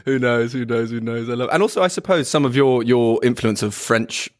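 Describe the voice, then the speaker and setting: A young man with a British accent hosting an interview over a video call, polite and quick to laugh, careful not to offend. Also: mid-range voice, animated. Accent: British English. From United Kingdom. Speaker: podcast host.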